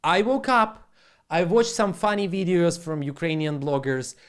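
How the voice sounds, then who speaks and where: A man's voice: a little high, a little slow, a bit bright. A man on a casual live stream at his home setup, rambling bluntly and with plenty of swearing, in broken English.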